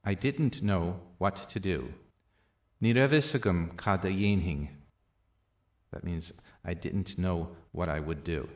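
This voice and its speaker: A man teaching a language lesson, reading out practice sentences and their translations slowly and deliberately, with softer asides. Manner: slow and deliberate, with soft low asides.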